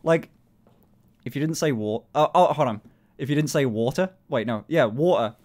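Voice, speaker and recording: A British man in a casual live-stream chat, talking in an animated way, swearing a lot and laughing often. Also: medium pitch, moderate pace, a little hiss or hum.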